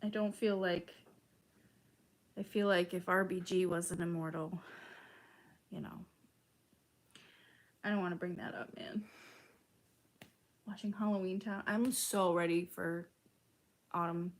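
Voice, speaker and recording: A woman's voice: on the low side, fairly even intonation, measured pace, pauses often. A young woman from Chicago chatting casually with her stream's chat, full of "like" and casual swearing. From Chicago, United States.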